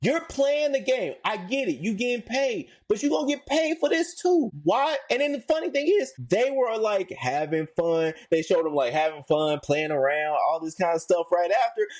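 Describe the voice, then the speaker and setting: A man co-hosting a podcast, ranting in slangy casual talk, his voice climbing high when worked up. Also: lively intonation, normal speed, hardly any pauses, darkish tone. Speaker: podcast co-host.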